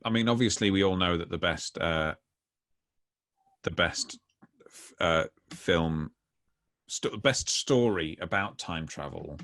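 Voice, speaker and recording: A man co-hosting a casual chat, rambling and halting as he loses his train of thought on a video call. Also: low voice, a bit bright. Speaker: podcast co-host.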